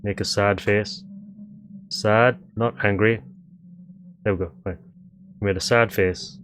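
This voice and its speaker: A man's voice: on the low side, fairly even intonation, slow pace, a bit bright, a little hiss or hum. A man streaming a game, casually muttering instructions to himself while playing. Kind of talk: game playthrough commentary.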